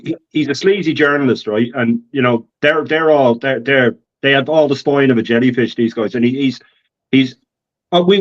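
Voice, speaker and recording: A man's voice: mid-range voice, lo-fi sound. A man calling into a live fan show, ranting with scorn and repeating himself. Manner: scornful, rambling rant. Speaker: guest on a call-in show. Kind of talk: casual call-in chat.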